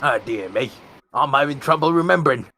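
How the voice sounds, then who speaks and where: A man's voice: mid-range voice, expressive, a little fast, pushed and bright, a little hiss or hum. A man voicing a sly, courtly young man who speaks in honeyed, teasing formal phrases, in an amateur game read-through.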